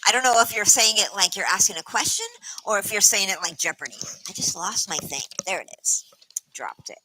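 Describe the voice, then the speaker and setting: A woman's voice: medium pitch, pushed and bright, rough recording. A woman hosting a casual trivia stream, playful and laughing often as she reads out chat.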